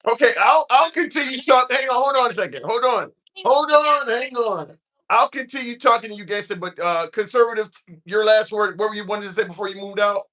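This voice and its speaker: A man's voice: sits high, brisk, pushed and bright. A man hosting a live-stream debate, repeatedly cutting in to restore order.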